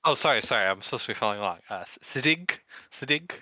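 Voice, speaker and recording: A man's voice: mid-range voice, expressive, very fast, pushed and bright. A man in a casual voice chat, hesitant and stumbling as he tries to pronounce a long name. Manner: hesitant, stumbling over words. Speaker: viewer in voice chat.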